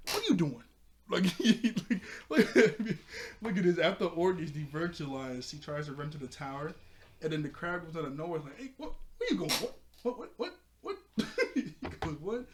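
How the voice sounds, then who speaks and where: Young male reviewer, slightly high voice, loose rambling recap. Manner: rambling, laughs often, acts out lines in quick bits. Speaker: show reviewer. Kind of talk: casual episode recap.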